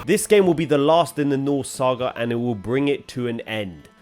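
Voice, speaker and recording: A man's voice: mid-range voice, expressive, moderate pace, darkish tone, soft background music. Eager male gaming host in a voice-over. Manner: eager, chatty fan. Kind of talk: gaming list video voice-over.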